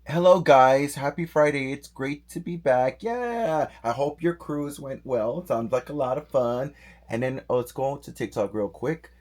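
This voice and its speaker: A middle-aged man co-hosting a live doll-collecting stream from his home office, reading viewer comments aloud with excited, animated greetings. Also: medium pitch, unhurried. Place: home office full of dolls.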